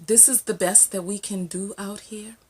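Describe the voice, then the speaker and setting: A woman from the United States giving sassy, animated reaction commentary as a relationship vlogger. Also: medium pitch, moderate pace, slightly rough. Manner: sassy, animated, exclaiming and questioning.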